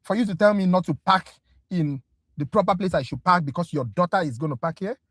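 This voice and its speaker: A chatty, exasperated livestream tutor rants to viewers during a casual review class, speaking directly and calling them "guys." The mid-range voice is brisk with a fairly bright tone, captured in a dry, close recording.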